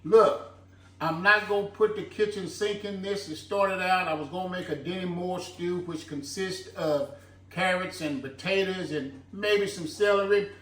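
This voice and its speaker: A slightly bright, fairly high male voice moves at a measured pace through a homemade stew recipe for his cooking channel, casual and folksy, repeatedly saying "look." He's a bit far from the mic in an echoey home kitchen, with a faint hum in the background.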